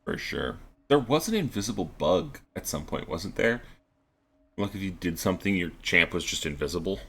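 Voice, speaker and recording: Lively low-voiced man casting a stream. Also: normal speed, breathy edge. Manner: playful, mock-formal sponsor reads. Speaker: esports caster. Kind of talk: casual live-stream banter.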